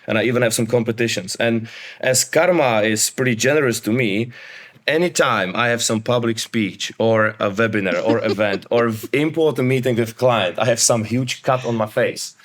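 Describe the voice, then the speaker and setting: Halting male podcast guest, mid-pitched. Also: fairly bright tone. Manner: halting, restarts and repeats words often. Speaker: podcast guest, marketplace specialist. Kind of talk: casual conversational interview.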